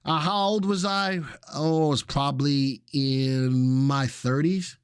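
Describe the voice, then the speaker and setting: A man's voice: on the high side, takes it slowly, smooth, no room sound. Middle-aged male host, loose and jokey, chatty live stock talk, dry close sound. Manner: casual, jokey, chatty with viewers. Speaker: stock market show host. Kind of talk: live stock analysis chat.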